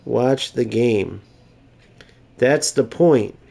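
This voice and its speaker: A man's voice: mid-range voice, very slow, gravelly, warm tone. A young man, a gaming YouTuber, ranting in mocking, exasperated gameplay commentary.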